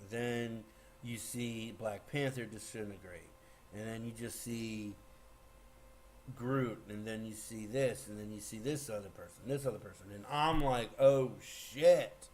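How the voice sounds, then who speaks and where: A man giving a casual, rambling movie spoiler recap, excitable, with lots of fillers and restarts. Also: mid-range voice, a little hiss or hum. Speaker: movie reviewer.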